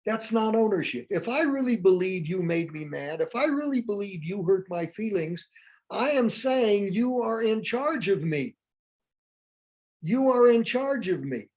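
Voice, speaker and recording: A man's voice: high voice, expressive, unhurried, darkish tone. A man presenting a live workshop, teaching through humorous everyday anecdotes.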